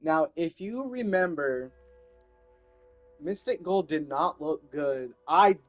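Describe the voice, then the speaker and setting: A young man hosting his gaming channel, giving chatty, excitable commentary with playful asides. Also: fairly high pitch, slow, soft background music, low-quality recording. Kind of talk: casual gameplay commentary.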